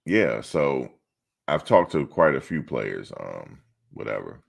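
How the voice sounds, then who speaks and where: Very deep-voiced blunt middle-aged man. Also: very animated, slow, vocal fry, husky. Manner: talks back to chat, blunt and streetwise. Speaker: sports channel host. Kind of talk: casual live-stream chat.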